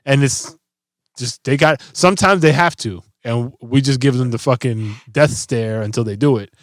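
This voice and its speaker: Middle-aged male co-host, animated and profane storyteller, dry close sound. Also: medium pitch, moderate pace, dry recording. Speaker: podcast co-host. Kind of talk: casual podcast chat, storytelling.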